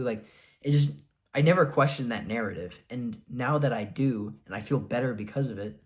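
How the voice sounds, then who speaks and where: A man's voice: mid-range voice, moderate pace. A young man talks straight to his viewers in a loose, unscripted vlog. His voice sits in a middle register, and he rambles through his points with lots of fillers and restarts. He comes across as earnest, with a defiant edge. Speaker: vlogger sharing his diet experience. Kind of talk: casual talking-to-camera monologue.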